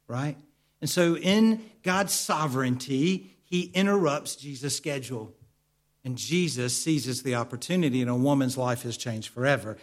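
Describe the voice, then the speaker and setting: A man's voice: medium pitch, moderate pace. A man preaching a sermon as pastor, earnest, repeating key lines and asking the congregation questions.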